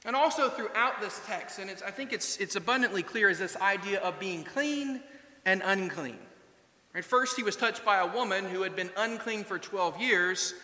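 Earnest preacher in an echoey hall. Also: male voice, high voice, moderate pace, pushed and bright. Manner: conversational, earnest, rhetorical questions. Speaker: pastor. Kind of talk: sermon.

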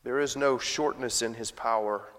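A man preaching a sermon, swinging between loud emphatic passages and quiet, low asides. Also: steady tone, moderate pace. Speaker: pastor. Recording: long reverb of a large hall.

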